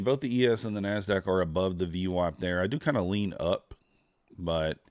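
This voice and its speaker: Tired, low-voiced man with a drawl. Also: a little mellow, dry recording, clean studio sound. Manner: laid-back, drawling, greets chat viewers. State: tired, yawning. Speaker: futures trader streaming live. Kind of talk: casual live-stream commentary.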